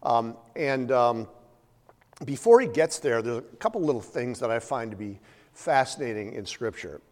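A man's voice: medium pitch, expressive, moderate pace, a little mellow. A man preaching a sermon, retelling a story in a conversational way with many fillers and humorous asides. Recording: long hall reverb.

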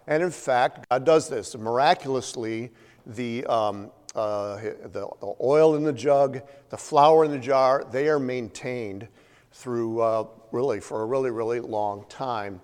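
A man delivers a sermon in a big hall with a long, ringing reverb trailing after his words. His pitch sits in an ordinary middle range. He tells the story casually, stumbling over fillers and tossing in wry asides. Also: measured pace, a little mellow, clear, resonant tone. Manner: conversational storytelling with frequent fillers and humorous asides. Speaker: preacher.

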